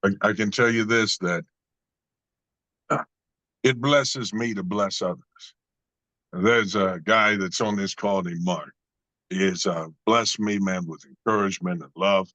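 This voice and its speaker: A man's voice: fairly low pitch, measured pace, pauses often, sharp tone, dry recording, poor audio. Male guest, earnest storyteller with sermon-like cadence; dead-dry close recording. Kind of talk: storytelling in a conversation.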